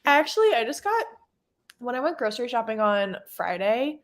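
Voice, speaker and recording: A woman's voice: fairly high pitch, very animated, a little fast. Bubbly young woman reading out chat msgs on a book stream, laughs a lot. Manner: bubbly, giggly, gushing. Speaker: booktube livestream host. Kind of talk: casual chat while reading chat messages.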